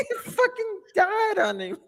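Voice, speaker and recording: A woman's voice: very high voice, huge pitch swings, a little slow, vocal fry. A woman in casual chat who laughs through her words and swears freely.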